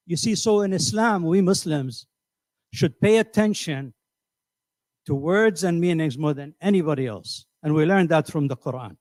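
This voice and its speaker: Middle-aged guy teaching a class, kinda high voice, dry close sound, keeps quizzing the room. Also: moderate pace, a little mellow, no echo. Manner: questioning, repeats words while thinking. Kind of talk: classroom lecture.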